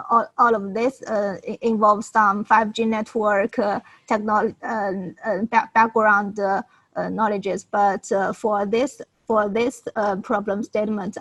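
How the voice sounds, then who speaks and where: A woman's voice: medium pitch, fairly bright tone, rough recording. Hesitant woman presenter, full of fillers. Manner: halting, many fillers and restarts. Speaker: challenge presenter. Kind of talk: live Q&A answering questions.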